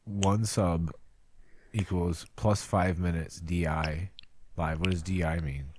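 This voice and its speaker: A man's voice: sits low, fairly even intonation, takes it slowly, darkish tone, slight background noise. A tipsy man hosting a podcast, chatting loosely, swearing and laughing a lot. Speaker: podcast host. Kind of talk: casual podcast chat.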